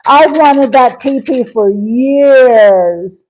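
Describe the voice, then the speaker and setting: Slow-talking chatty woman cooking live. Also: fairly high pitch, rough recording. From Wyoming. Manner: chatty, reads and answers viewer comments aloud; folksy sayings, many fillers. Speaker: cooking livestream host. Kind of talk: casual live-stream chat while cooking.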